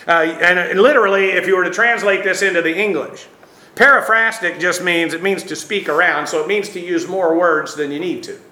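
A man's voice: sits high, sharp tone, reverberant, low-quality recording. A man preaching an expository sermon, teacherly and emphatic, with frequent filler sounds. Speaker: pastor.

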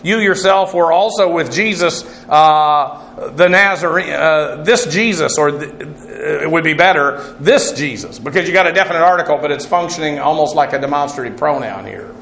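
A man's voice: a little high, normal speed, creaky, few pauses, fairly bright tone, echoey room, a little hiss or hum. A man teaching a Bible class as its pastor, working through Greek words methodically, spelling them out letter by letter, with many "uh" fillers. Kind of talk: verse-by-verse Greek word study.

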